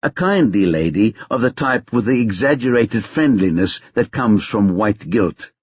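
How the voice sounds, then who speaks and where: A man reading an audiobook thriller in a measured, even storytelling manner. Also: lowish voice, husky, no echo. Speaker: audiobook narrator. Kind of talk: scripted narration. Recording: dull lo-fi dry recording.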